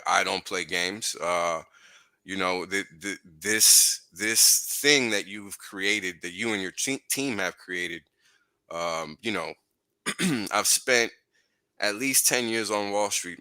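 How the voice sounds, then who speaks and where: A man with a very deep voice and a sharp, bright tone speaks earnestly and gratefully in a laid-back way. He is a guest on a casual livestream, heard through a dry computer mic. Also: clear, resonant tone, dry recording.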